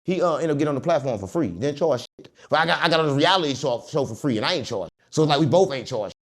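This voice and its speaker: Fast, lively storytelling man. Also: a little high. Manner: animated, joking, mimics others. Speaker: interview guest. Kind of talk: casual storytelling.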